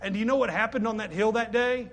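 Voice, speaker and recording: A middle-aged man preaching a sermon, emphatic and animated, acting out the quoted voices. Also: high-pitched, fast talker. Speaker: pastor.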